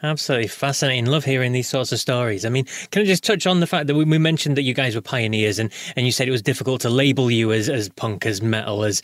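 A man's voice: medium pitch, fast, few pauses, dry recording, studio quality. A man interviewing a musician, asking long enthusiastic run-on questions.

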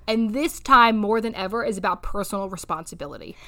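A woman's voice: mid-range voice, a little fast, fairly bright tone. A woman therapist co-hosting a podcast, chatting casually and animatedly, swearing freely and laughing often. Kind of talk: casual chat.

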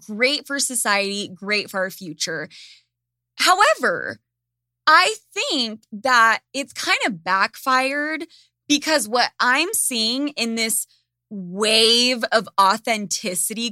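A woman with a bright, pointed voice sitting a little high, hosting a podcast in casual chat. She rants with animated, profane energy. The sound is close and dry. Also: no echo. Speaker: podcast host.

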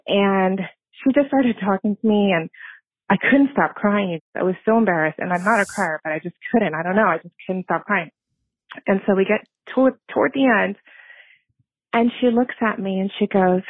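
Calling in to leave a voice message, a woman in her fifties shares a personal story with nervous earnestness, chuckling at herself. She speaks at normal speed with medium pitch, with no room sound, over a tinny phone line.

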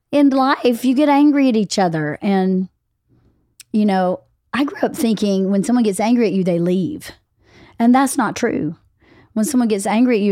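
A middle-aged woman hosting a casual podcast conversation, telling stories with lively acted-out quotes. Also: medium pitch, dry recording, clean studio sound. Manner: animated storyteller, acts out quotes. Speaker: podcast host.

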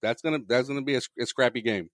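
Male podcast co-host, rapid casual sports talk, repeats words. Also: medium pitch, dry recording, studio quality. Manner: quick, repeats words when starting a thought.

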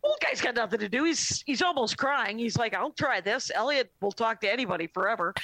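A woman comedian casually telling a long, animated story on a podcast, often quoting her dad. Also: a little high, dry recording. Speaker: comedian guest.

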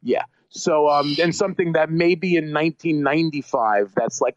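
A man, a musician guest, tells tour stories in a lively, rambling way with lots of restarts and self-mocking jokes. His voice sits a bit high. The sound is dry, dull and lo-fi. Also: normal speed, dry recording. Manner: animated, rambling, self-deprecating humor. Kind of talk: casual interview storytelling.

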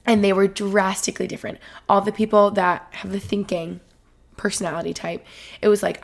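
A woman's voice: mid-range voice, little pitch movement, brisk, gravelly. A woman in her twenties hosting a casual solo podcast, rambling and emotional, with lots of "like". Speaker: podcast host.

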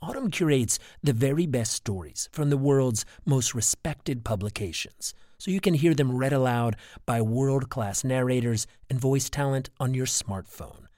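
A man reading a short scripted promo in a smooth, upbeat announcer delivery. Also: medium pitch, unhurried, hardly any pauses, a little mellow, no echo, clean studio sound.

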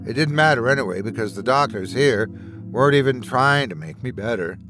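Timid whimpering childlike patient , read by a man, animated delivery, music bed. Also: mid-range voice, a little fast, lightly acted. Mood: timid, sad. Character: tall hidden asylum patient with a child's voice.

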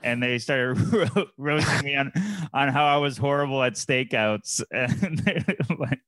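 A male comedian guest tells a sheepish story and laughs through his sentences. His voice is at a middle pitch. The recording is close and dry. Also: a little slow, fairly bright tone, no room sound. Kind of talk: casual chat.

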